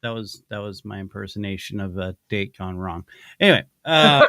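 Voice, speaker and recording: A man's voice: fairly low pitch, animated, normal speed, sharp tone, no echo. A male podcast host reading a sponsor spot in casual chat, rambling and playful with many restarts. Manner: rambling, self-interrupting, playful.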